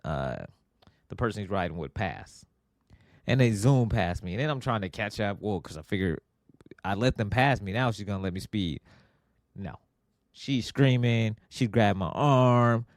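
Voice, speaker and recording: A middle-aged man hosting a podcast, telling a family story in a casual, animated way and acting out what people said. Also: normal speed, no echo, studio quality. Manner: animated, acts out quotes with big pitch jumps. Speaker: podcast host.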